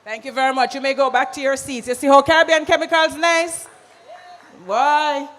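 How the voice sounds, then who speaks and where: An MC with a Jamaican accent hosting a live event, calling out loud directions to a crowd and slipping into patois. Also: sits high, flat delivery, normal speed. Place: large conference hall. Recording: hall reverb with music behind.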